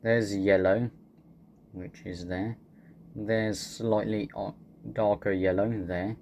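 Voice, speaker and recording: A man's voice: on the low side, steady tone, slow pace, darkish tone, lo-fi sound, a little hiss or hum. A man giving casual, joking gameplay commentary, laid-back and swearing freely. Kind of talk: casual let's-play commentary.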